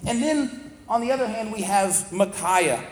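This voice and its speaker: A man with a notably high voice teaches through a Bible passage in a relaxed, explaining way. The sound is roomy, with a long reverb trailing each phrase as if recorded in a large hall. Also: measured pace, a little hiss or hum. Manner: conversational, plain-spoken explaining.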